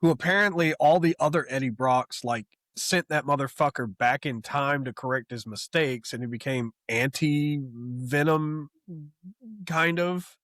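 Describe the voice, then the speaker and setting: A young man co-hosting a casual comic book podcast, talking in an animated, profane way and mocking the characters he retells. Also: medium pitch, measured pace, no echo, studio quality. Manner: animated, profane, mocks characters in quoted asides. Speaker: podcast co-host.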